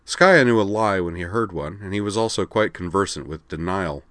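A man narrating a story aloud in a steady, measured way. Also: sits low, no room sound. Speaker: story reader. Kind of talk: audiobook narration.

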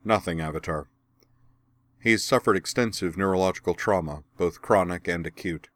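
A man's voice: low-pitched, fairly bright tone. A man playing a cold, dismissive doctor. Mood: detached. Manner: clinical and detached, slow and measured.

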